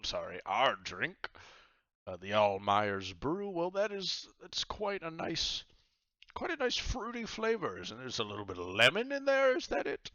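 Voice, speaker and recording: A man's voice: on the high side, huge pitch swings, a little slow, sharp tone, dry recording, dull audio, voice pushed up, exaggerated voice. A man voicing a boisterous, jovial male pirate captain in a tabletop role-playing game.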